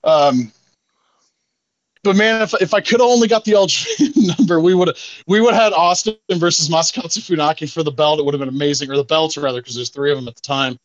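A man's voice: fairly high pitch, fast, no echo, muffled recording. A young man hosting a podcast, casually rambling and cussing as he chats. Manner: rambling, laughing, profane storytelling. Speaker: podcast host. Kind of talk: casual chat.

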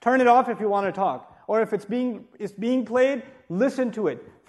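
A man delivers a religious lecture to a live audience in a high voice. He keeps it conversational and jokey, firing rhetorical questions at his listeners, then turns insistent and forceful when he presses a point. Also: moderate pace, hardly any pauses. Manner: grows forceful and insistent when urging respect. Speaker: Islamic teacher.

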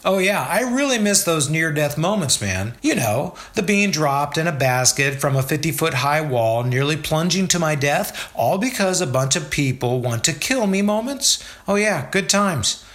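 A blunt, good-natured tentmaker who loves a sarcastic joke, as a male narrator puts him on. His voice sits a little above the narrator's usual pitch and swings up and down lively. It is acted dialogue in a storybook reading. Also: normal speed. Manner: joking, candid, laughs easily.

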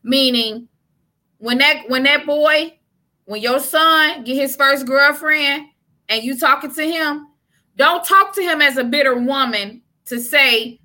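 A woman co-host talks in a casual, opinionated way. Her voice sits a little high and sounds bright. She presses each point hard, ready for an argument. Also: slow pace. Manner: emphatic, argumentative. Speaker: podcast co-host.

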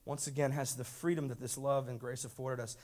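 A man in his thirties preaching a sermon, moving between hushed, quiet asides and loud, emphatic lines, firing rhetorical questions at the congregation. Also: mid-range voice, steady tone, fairly quick. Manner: dramatic swings from hushed to loud. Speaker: pastor.

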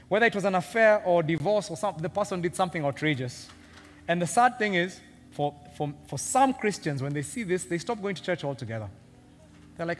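A man preaching a sermon, animated and joking as he teases his congregation. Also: fairly high pitch, fairly quick, soft background music. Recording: long reverb of a big hall.

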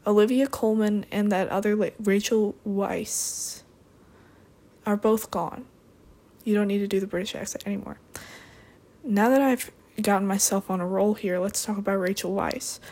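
A woman's voice: mid-range voice, fairly even intonation, moderate pace, darkish tone. Rambling, sarcastic young woman. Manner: rambling, sarcastic asides, playful. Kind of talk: rambling comedic chat.

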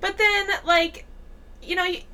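A woman joining a casual podcast chat, animated and self-mocking as she jokes about her husband. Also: extremely high pitch, a little slow. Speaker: podcast guest co-host.

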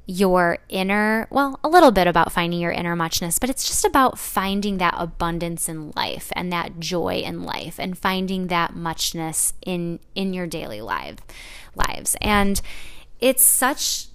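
A woman hosting a solo podcast, talking in a gentle, earnest way with soft laughs and restarts. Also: fairly low pitch, expressive, a little slow, clear, resonant tone, no room sound. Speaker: podcast host. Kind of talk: casual solo podcast talk.

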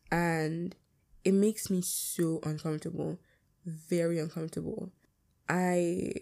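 A woman's voice: lowish voice, creaky, dark tone. A young adult woman hosting her own podcast, talking casually and bluntly about her life, swearing freely. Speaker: podcast host.

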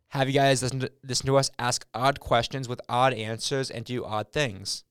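A young man co-hosting a podcast in casual chat, joking in a deadpan, mock-serious way. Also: medium pitch, moderate pace, few pauses, clean tone, dry recording, clean studio sound. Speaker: podcast co-host.

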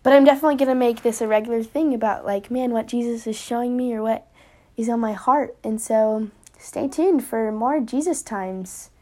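A young woman hosting a casual faith podcast, chatty and earnest, full of likes and ums, sometimes half-singing lyrics and dropping to a hushed near-whisper. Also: a little high, moderate pace. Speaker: podcast host.

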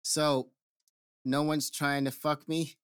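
A man's voice: a little high, flat delivery, takes it slowly, fairly bright tone, clean tone, no echo, studio quality. A young man co-hosting a podcast in casual banter, blunt and swearing freely. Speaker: podcast co-host.

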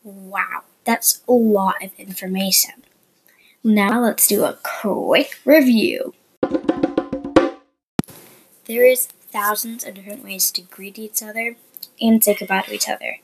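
A woman hosting a podcast and teaching beginner Spanish in a chatty, explanatory way, with soft asides. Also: mid-range voice, steady tone, measured pace, vocal fry, pauses often, loud music behind the voice, rough recording. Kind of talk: casual beginner language lesson.

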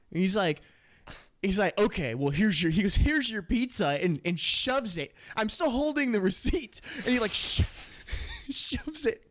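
A man's voice: high-pitched, expressive, a little slow, fairly bright tone. A young man co-hosting a podcast, telling a rambling, profane story full of laughter in casual chat. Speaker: podcast co-host.

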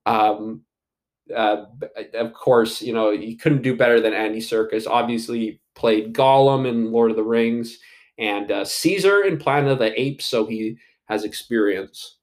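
A man's voice: on the low side, a little slow. A man giving casual solo commentary on an upcoming movie, rambling with many fillers and restarts and swearing casually.

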